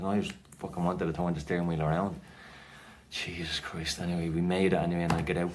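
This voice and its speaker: A man's voice: low-pitched, flat delivery, fast talker, slight background noise. An Irish man telling a personal story casually to camera, rambling with lots of fillers and restarts. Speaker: vlogger sharing his anxiety story.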